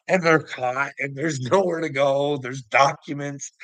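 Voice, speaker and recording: A man's voice: a little high, unhurried, fairly bright tone, dry recording, poor audio. Laughing, taunting man, dry close sound. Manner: mocking, laughs constantly between phrases; profane and taunting. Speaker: vlogger. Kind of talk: rambling solo monologue.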